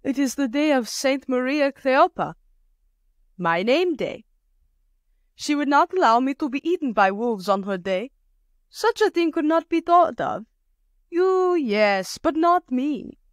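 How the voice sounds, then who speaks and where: Woman voicing a calm, shrewd peasant woman. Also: high voice, no room sound, studio quality, pitched above the performer's own voice. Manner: calm, matter-of-fact, drawn-out haggling.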